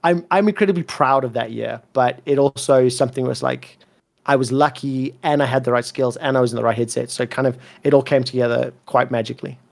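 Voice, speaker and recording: Emphatic man with a soft South African accent. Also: medium pitch, steady tone, fairly quick, gravelly. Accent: soft South African, mixed with British and American. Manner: emphatic, swears freely, repeats words when fired up. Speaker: esports commentator, interview guest. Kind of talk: candid interview storytelling.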